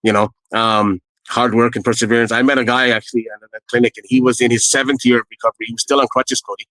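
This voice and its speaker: A middle-aged man from Canada, a guest telling his own story in a blunt, lively way and acting out what others said. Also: quick pace, dry recording, low-quality recording. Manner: re-enacts quoted people with raised pitch, blunt and profane. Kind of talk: animated personal storytelling.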